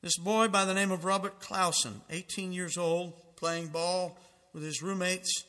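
A man's voice: high-pitched, steady tone, measured pace, sharp tone, in a large hall. A man preaching a fervent sermon, reading out dramatic quotations with emphasis.

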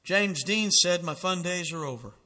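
Guy preaching hard, high bright voice, big echoey hall. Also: moderate pace. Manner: fervent, emphatic preaching with dramatic quotations. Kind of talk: sermon.

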